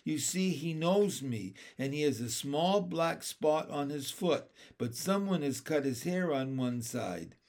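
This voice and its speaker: A man's voice: a little high, animated, a little slow, hardly any pauses, a little mellow. A man reading aloud, voicing a matter-of-fact grown man in a storybook. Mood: plain. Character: plain-spoken grown man, dog's owner.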